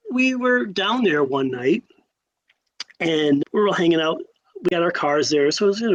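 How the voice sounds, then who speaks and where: A man in his sixties from Connecticut, telling stories as a podcast guest in a lively way, acting out quotes and often restarting his sentences. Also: fairly high pitch, rough recording. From Connecticut, USA. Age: 60s. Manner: animated, acts out quotes, frequent restarts. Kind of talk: casual storytelling.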